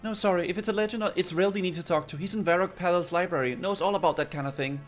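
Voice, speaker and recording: A man's voice: high voice, rapid-fire, faint music behind, natural voice. A man putting on a fussy old cat lady. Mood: helpful. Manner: reading game dialogue aloud. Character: fussy older woman, caretaker of cats.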